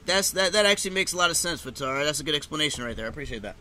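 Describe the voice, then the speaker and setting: A man calls the fight casually for his live stream audience, his voice pitched high and ringing very bright. He talks loosely, swears freely and erupts into shouts when a fighter goes down. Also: racing, slight background noise. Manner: excitable, swears, shouts at big moments. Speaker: live stream reaction host.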